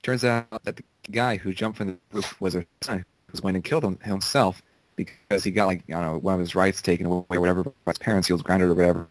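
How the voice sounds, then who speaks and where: A man's voice: low-pitched, steady tone, quick pace, no room sound, rough recording. A young man co-hosting a casual podcast, telling a rambling story full of restarts. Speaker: podcast co-host. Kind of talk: casual chat.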